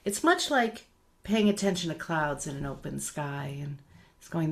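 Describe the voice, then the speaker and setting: This middle-aged woman leads meditation in a low voice, animated yet at normal speed, still gentle and unhurried. Soft, repeated words trail off into quiet.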